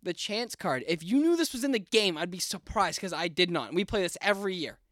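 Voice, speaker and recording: Animated young man telling stories. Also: sits high, brisk, dry recording, studio quality. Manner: animated storytelling, swearing, mimicking his brother. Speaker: podcast co-host. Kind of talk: casual chat.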